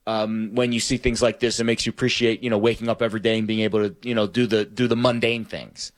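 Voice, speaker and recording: A man co-hosting sports talk, speaking haltingly with many fillers and restarts. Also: lowish voice, flat delivery. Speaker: sports radio co-host.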